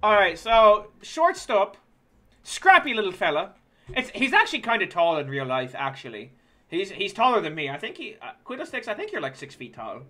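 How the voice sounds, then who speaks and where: A game streamer talking casually over gameplay. The voice is bright and sharp, and it swings widely in pitch. The delivery is jokey and profane, full of teasing asides to viewers. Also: very animated, normal speed. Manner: joking, profane, chatty with viewers.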